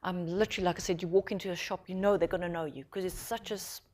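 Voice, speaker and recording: Woman, South African accent, lowish voice, journalist on a panel, animated anecdote, frequent restarts. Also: fast talker. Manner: lively storyteller who acts out quotes, with many restarts.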